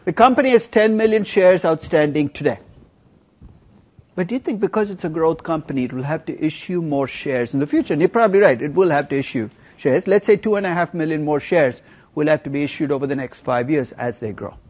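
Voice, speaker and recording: A man teaching a university finance class, emphatic and lively, teasing students with questions. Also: on the high side, brisk. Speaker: finance professor. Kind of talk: university lecture.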